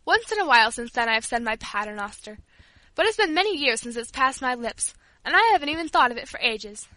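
A woman's voice: on the high side, animated, brisk, sharp tone, no room sound, low-quality recording. A woman voicing an old, blunt but humble woman servant who speaks emphatically. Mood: emphatic. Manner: emphatic, exclaiming.

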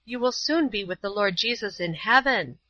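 A woman reading as a kind, firm caretaker who speaks tenderly, a touch higher than the narration. Bright tone, dry and slightly dull recording. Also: normal speed, dry recording. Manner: tender, steady.

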